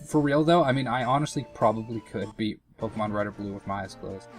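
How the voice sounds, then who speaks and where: A man's voice: lowish voice, fast, soft background music. A young man giving casual, rambling commentary over a game, full of fillers and self-mocking asides. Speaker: let's play commentator.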